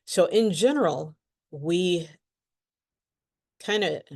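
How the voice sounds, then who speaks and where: A woman's voice: lowish voice, animated, slow, darkish tone. A woman teaching English pronunciation, speaking carefully and repeating words for learners to copy. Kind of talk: pronunciation lesson.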